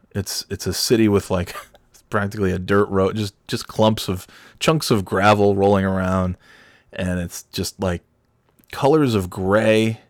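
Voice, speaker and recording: Recorded at studio quality with no echo, this podcast host spins a meandering, self-deprecating tale in relaxed chat. Whenever he quotes someone, he yells it in a high-pitched voice.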